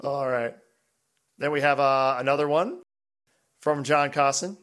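A man's voice: mid-range voice, measured pace, fairly bright tone. A man co-hosting a podcast, reading listener emails aloud in casual chat and laughing often. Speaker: podcast co-host.

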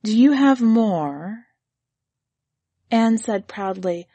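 Woman reading a story aloud, husky and breathy, dry close sound. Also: mid-range voice, no room sound. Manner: measured, gently expressive. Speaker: narrator.

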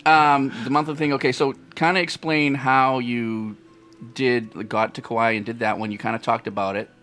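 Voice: medium pitch, level tone, normal speed, fairly bright tone. Teasing podcast host with faint music. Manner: interviewing, teasing, many short replies. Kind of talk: casual chat.

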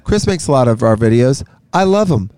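A man's voice: medium pitch, sing-song, brisk, a little mellow, clear, resonant tone, no echo. A man who plays in a band, chatting casually as a podcast guest and rambling with lots of fillers. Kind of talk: casual chat.

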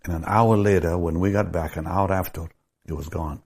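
Middle aged guy preaching, real low voice, bit husky, gets loud n fervent when he prays. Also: steady tone, normal speed. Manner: emphatic, rising to fervent prayer. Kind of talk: sermon with storytelling.

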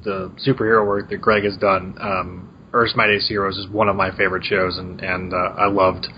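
A man with a lowish voice gushes as a fan, stumbling through restarts as he builds his point. The recording is somewhat dull, with faint room ambience behind him. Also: little pitch movement, slight background noise. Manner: halting, restarts, fanboy enthusiasm. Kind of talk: casual podcast chat.

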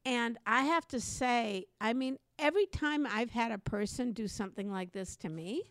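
A woman with a fairly high voice tells a personal story on a podcast, animated and chatty. She slips into the voices of the people in her story as she goes. The sound is close and dry, with no room around it. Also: normal speed, no echo. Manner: animated, acts out quoted voices. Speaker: podcast co-host. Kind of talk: conversational storytelling.

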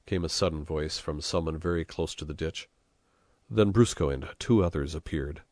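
A man narrating an audiobook at a measured storytelling pace. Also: rumbling low, a little mellow, no room sound, studio quality. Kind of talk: scripted narration.

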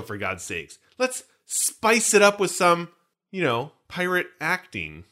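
A man's voice: high voice, wildly swooping pitch, slow pace, bright, forceful tone. A man co-hosting a casual podcast, recapping a film with joking, rambling asides. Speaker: podcast co-host.

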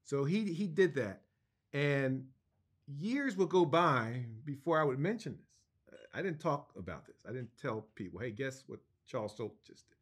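Man, interview guest, animated anecdote, stumbles and laughs, mid-range voice. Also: medium pitch, moderate pace, slightly rough. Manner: animated, enthusiastic storytelling with restarts and laughs.

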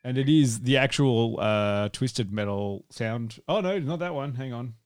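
A man's voice: medium pitch, a little slow, clean tone. A man hosting a podcast in casual chat, rambling and laughing often. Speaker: podcast host.

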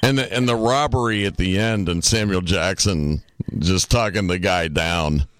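A man's voice: sits low, moderate pace, dry recording. A man co-hosting a podcast in casual chat, laid-back and swearing freely. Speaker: podcast co-host.

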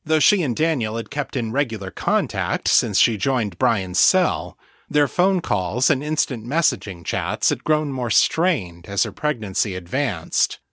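A man reads a serial audiobook in a steady, measured style, at a middle pitch. The sound is dry and close, with no room at all. His pacing is even and unhurried. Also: dry recording. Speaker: audiobook narrator. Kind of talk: scripted narration.

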